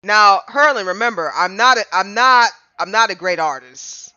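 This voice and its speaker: A man's voice: sits high, animated, moderate pace, sharp tone, clear, resonant tone, no echo, muffled recording. A man streaming a game live, chatting casually and rambling to his chat between fits of giggles.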